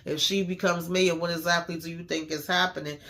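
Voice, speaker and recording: Man host, fairly high bright voice, slangy and emphatic, casual episode recap. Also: flat delivery, brisk. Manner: slangy, emphatic storytelling with many fillers.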